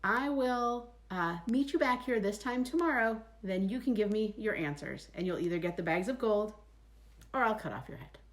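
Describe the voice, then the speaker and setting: Smug cruel storybook king, slow and teasing, as a woman storyteller plays him. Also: mid-range voice, expressive, natural voice. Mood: mocking. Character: smug cruel king who toys with people.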